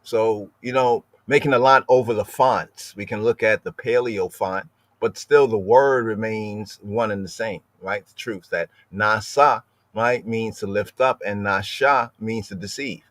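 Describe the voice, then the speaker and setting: A man's voice: on the low side, unhurried, a bit bright, no echo. A man hosting a streamed scripture study, explaining at length, repeating words and often tagging "right?". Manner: lingers over word pronunciations. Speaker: podcast host teaching scripture.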